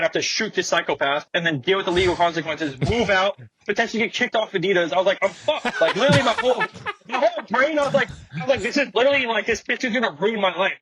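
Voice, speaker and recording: Young skater guest, high husky voice, cursing, slangy, acts out every line. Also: male voice, pushed and bright, low-quality recording. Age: young adult. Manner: profane, slangy, acts out quotes. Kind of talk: animated storytelling with quoted voices. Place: podcast studio.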